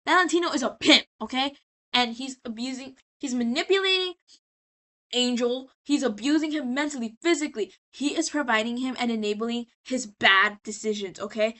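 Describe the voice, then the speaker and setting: A tipsy woman casually recapping a story in a scattered, animated way that is full of swearing and restarts. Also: on the high side, normal speed. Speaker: video creator.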